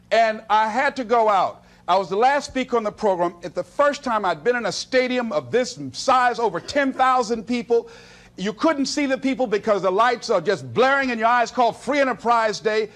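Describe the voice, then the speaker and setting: A man giving a motivational speech, telling stories and acting out his own self-talk. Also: very high voice. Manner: storytelling, animated, acts out self-talk. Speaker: motivational speaker.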